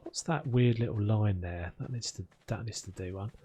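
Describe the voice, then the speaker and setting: A man's voice: lowish voice, normal speed, warm tone, a little hiss or hum. A man streaming a video game, chatting casually and rambling between topics as he builds. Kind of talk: casual chat while playing.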